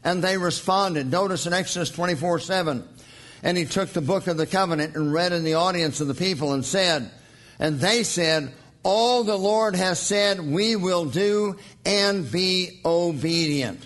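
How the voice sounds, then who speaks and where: A man preaching a sermon in an earnest teaching tone, slowing down for emphasis and reading scripture aloud. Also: high-pitched, a bit bright.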